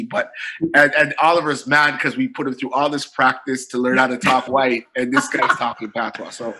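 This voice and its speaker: A middle-aged Canadian comedian telling funny stories in a casual podcast chat, laughing often. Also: male voice, medium pitch, moderate pace, breathy edge, poor audio. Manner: animated storytelling, laughing often.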